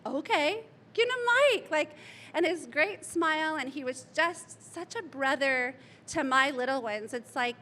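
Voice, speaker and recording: A woman's voice: high-pitched, expressive, a little slow, pushed and bright. A middle-aged woman giving a eulogy as a friend's mother, rambling through anecdotes and laughing through tears. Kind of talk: memorial speech. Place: memorial gathering hall.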